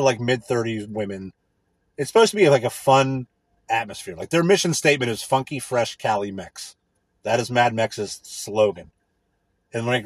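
A man in a casual, profane rant, crude, rambling and sarcastic, with a husky voice. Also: medium pitch, no echo.

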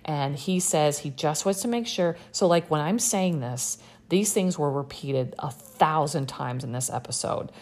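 Young woman, low and gravelly, sarcastic chatty recap host. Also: a little slow, few pauses, a little mellow. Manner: chatty and sarcastic, many fillers. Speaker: podcast host recapping a reality show. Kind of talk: casual chat.

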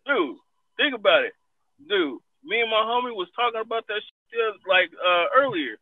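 A man from Los Angeles telling loud, profane stories in casual chat, laughing and quoting others. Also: high voice, expressive, moderate pace, no echo. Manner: loud, profane storytelling with laughs and quoted voices. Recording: dry, phone-like narrow sound.

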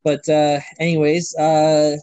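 A man hosting a sports podcast from his computer over a remote call, with an easygoing manner and frequent "uh" pauses. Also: on the high side, monotone, mellow, clear, resonant tone, no echo, poor audio. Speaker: podcast host. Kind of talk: casual sports chat.

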